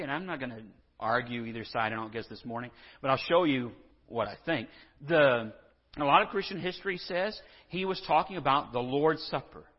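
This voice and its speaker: A male pastor preaching a conversational, earnest sermon and reading scripture in a church. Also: mid-range voice. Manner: conversational and earnest, with restarts and asides. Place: church sanctuary. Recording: dull lo-fi sound with long hall reverb.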